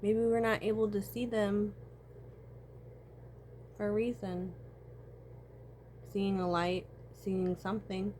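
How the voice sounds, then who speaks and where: A woman's voice: medium pitch, slow, long pauses, slight background noise. A woman, talking in a casual, profane personal monologue. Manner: casual, profane, animated storytelling with frequent laughs.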